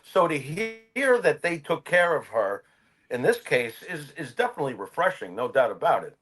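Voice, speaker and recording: An older man co-hosting a casual podcast. His fairly high voice swings widely in pitch as he makes emphatic, opinionated points. He leans on his words for emphasis. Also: sing-song, normal speed, a bit bright, breathy edge, soft background music, rough recording. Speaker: podcast co-host.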